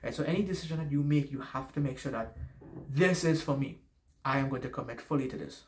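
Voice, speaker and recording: A man's voice: mid-range voice, fast, a little hiss or hum. Rambling accented man giving advice. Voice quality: noticeable non-native accent. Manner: rambling, self-correcting, swears casually. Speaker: YouTuber giving life advice. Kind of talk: casual advice monologue.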